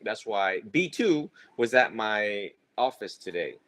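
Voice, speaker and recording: A man's voice: lowish voice, very animated, slow, fairly bright tone. A man teaching students in a loose, joking way, rambling and laughing as he goes. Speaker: monk teacher. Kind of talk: casual teaching talk.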